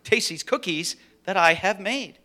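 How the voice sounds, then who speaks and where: A man voicing a greedy, excitable male toad from a storybook, loud and excited. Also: high voice, unhurried, voice pushed up.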